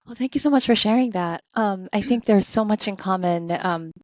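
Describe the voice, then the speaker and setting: A woman's voice: medium pitch, normal speed, a little mellow, no room sound. A woman from Hawaii hosting an interview, listening attentively and often murmuring agreement. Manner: attentive, frequent affirming murmurs. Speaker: host. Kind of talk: conversational interview. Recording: dry, dull lo-fi sound.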